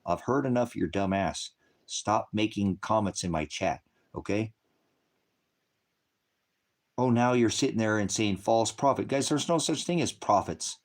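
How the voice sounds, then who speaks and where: A man's voice: lowish voice, unhurried, pauses often. A man hosting a ministry livestream, angrily and profanely berating commenters in his chat while lecturing on scripture. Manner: angry, profane, combative; heckling and lecturing.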